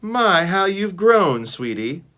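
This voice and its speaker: Casting: man playing a doting old lady dog, high, drawn-out, very bright storybook voice. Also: very animated, full character voice. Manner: doting, slow.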